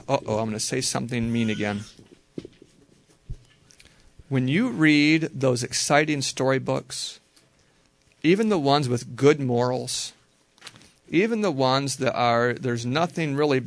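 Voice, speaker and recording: Man, Bible teacher, gravelly voice, dry close sound, conversational, repeats phrases slowly. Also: mid-range voice, no room sound. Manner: relaxed, conversational, slow careful repetition. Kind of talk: informal Bible teaching to a group.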